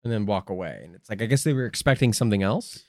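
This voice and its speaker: Lively deadpan man riffing a bit. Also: lowish voice, quick pace, dry recording, clean studio sound. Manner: deadpan riffing, playing along. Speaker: comedy podcast co-host. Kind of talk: improvised comedy bit.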